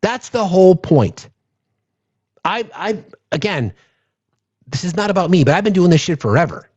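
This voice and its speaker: A man's voice: high voice, big pitch swings, normal speed, a little mellow, husky, muffled recording. A man hosting a political livestream, urgent and profane, repeating phrases to rally his viewers. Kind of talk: impassioned live-stream monologue.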